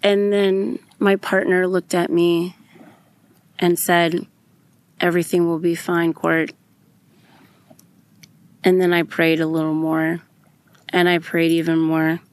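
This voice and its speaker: Slow-talking candid mom, lowish voice. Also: female voice, flat delivery. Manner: candid and emotional, swears freely. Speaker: podcast host. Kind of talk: personal storytelling monologue.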